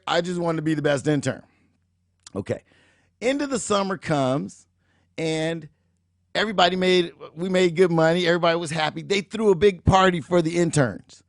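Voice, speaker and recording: Animated storytelling man, gravelly voice. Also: high-pitched, dry recording, clean studio sound. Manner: animated, emphatic, acts out dialogue. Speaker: show host, motivational speaker. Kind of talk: motivational storytelling.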